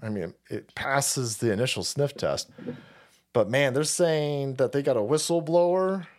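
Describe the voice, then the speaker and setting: A man's voice: medium pitch, measured pace, darkish tone. A foul-mouthed man hosting a livestream, reading viewer chats and rambling through his commentary with frequent restarts. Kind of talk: casual profane stream commentary.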